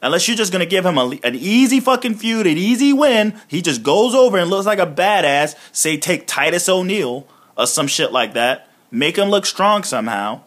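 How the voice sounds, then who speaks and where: Animated, excitable man ranting casually. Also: sits high, normal speed, hardly any pauses. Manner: profane, excitable, swings between mumbling and loud outbursts; laughs often while retelling scenes. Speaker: podcast host reviewing wrestling shows. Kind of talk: casual solo review podcast.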